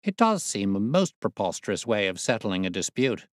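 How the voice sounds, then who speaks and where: A clever, wry detective speaks with precise, patient explanation, his pitch moving in a lively way, as a man reading aloud puts him on. The recording is dry and close, like a quiet storybook reading. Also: normal speed, dry recording. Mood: amused, explaining. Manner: precise, explanatory, lightly teasing. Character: sharp, amused male detective, middle-aged. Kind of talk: audiobook reading.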